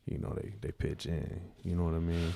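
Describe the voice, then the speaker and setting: A man's voice: low voice, level tone, fairly quick, gravelly, mellow, no room sound. A man chatting casually as a podcast guest, laid-back and slangy. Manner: laid-back, slangy, lots of "you know what I'm saying". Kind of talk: casual interview chat.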